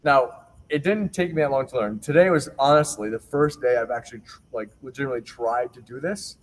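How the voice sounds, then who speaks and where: A man's voice: mid-range voice, fairly quick. A young man teaching a remote PE lesson to young children, upbeat and reassuring as he counts out a rhythm game. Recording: distant laptop mic with faint noise.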